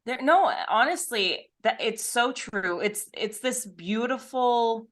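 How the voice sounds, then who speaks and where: A woman's voice: on the high side, takes it slowly, a bit bright. A woman co-hosting a podcast in casual chat, chatty and self-deprecating, laughing often. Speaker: podcast co-host.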